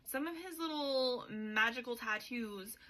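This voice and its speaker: A woman's voice: on the high side, unhurried, sharp tone. A young woman hosting a podcast, recapping a book in a chatty, sweary way with sarcastic asides. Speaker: podcast host.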